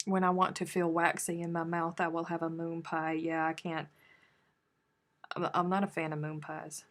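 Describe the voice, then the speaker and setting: On her casual crochet stream, a woman chats playfully with her audience and reads out their comments in a chatty, drawling Southern way. Her voice is fairly low and a bit bright, with a level tone at a moderate pace.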